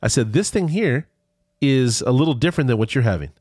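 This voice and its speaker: A man speaking briskly in a mid-range, breathy-edged voice rambles through a lengthy story in casual conversation. He's animated, his pitch swings up and down a lot, and he keeps restarting sentences. The recording is close and dry.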